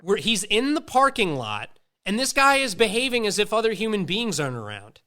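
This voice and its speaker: Animated, bright-voiced man telling profane stories. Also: high voice, brisk. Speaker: podcast host. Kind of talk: casual storytelling chat.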